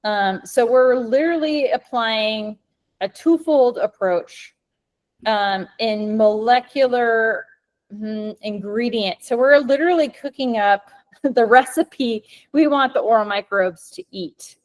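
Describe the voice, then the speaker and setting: A woman's voice: a little high, slow. A woman with a Midwestern American accent giving an informal webinar presentation over a video call, rambling upbeat with frequent ums and restarts. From Minnesota, US. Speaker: company co-founder presenting to vets.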